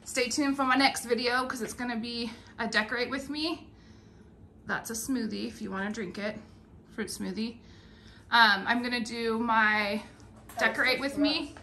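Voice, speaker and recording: A woman home decor vlogger talks casually to her viewers at home. Her voice is high and bright, with a clear, sharp edge. She sounds chatty and playful, and she pokes fun at herself. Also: a little hiss or hum. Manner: chatty, self-mocking and playful. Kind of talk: casual home tour vlog.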